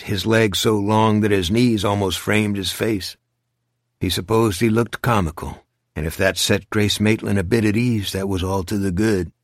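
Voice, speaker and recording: A man narrating a novel in a measured, even storytelling manner, recorded close to a studio microphone. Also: lowish voice, dry recording. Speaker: audiobook narrator. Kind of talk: scripted narration.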